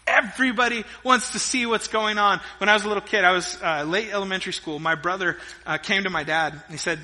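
Middle-aged male pastor, animated storyteller, high and piercing tone. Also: fast talker. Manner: energetic storytelling preacher, swinging between loud emphasis and hushed asides. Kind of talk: sermon. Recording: long reverb of a large hall.

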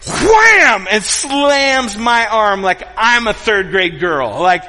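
Bright-voiced pastor in a reverberant hall. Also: male voice, sits high, a little slow. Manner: animated, self-deprecating, jokes with congregation; quiet, hushed when praying. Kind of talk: sermon with personal storytelling.

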